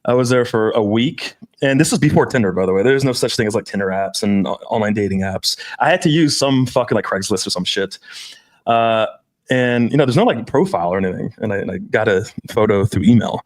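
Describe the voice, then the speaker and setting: A man's voice: lowish voice, expressive, brisk. A man telling casual, profane stories on a men's dating podcast. He swears a lot and acts out the people he quotes. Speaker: podcast co-host.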